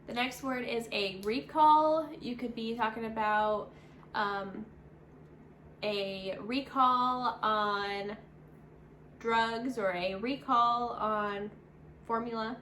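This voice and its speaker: A woman co-hosting an English lesson, briskly introducing words and reading example sentences. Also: on the high side, fairly even intonation, bright, forceful tone. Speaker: English teacher, co-host. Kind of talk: casual teaching. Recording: echoey room, faint background noise.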